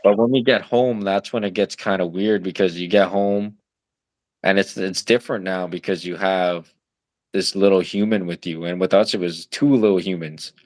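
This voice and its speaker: A man's voice: sits low, fairly even intonation, normal speed, darkish tone, no room sound. A young man in his twenties, a new father of twins, chatting loosely on a podcast with lots of fillers and the odd curse. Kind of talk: casual chat.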